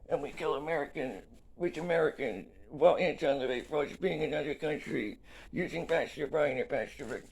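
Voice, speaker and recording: A man speaking a solo monologue in fragmented bursts, often cutting himself off mid-sentence and swinging between shouting and quiet, flat delivery. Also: fairly high pitch, gravelly. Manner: fragmented, keeps cutting himself off with short interjections.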